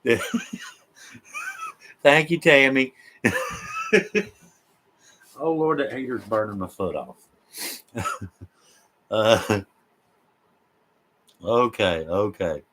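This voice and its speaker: A man's voice: on the low side, animated, extremely slow, pauses often, slightly rough. A man, hosting a casual live chat from home and reading viewer comments in an easygoing, folksy way with lots of laughter. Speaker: live stream host.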